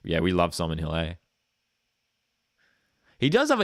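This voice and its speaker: A man hosting a live football watchalong stream, commentating and chatting, excitable at big moments. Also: normal speed, pauses often, no echo, clean studio sound. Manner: chatty, excitable, jumps up in pitch at key moments.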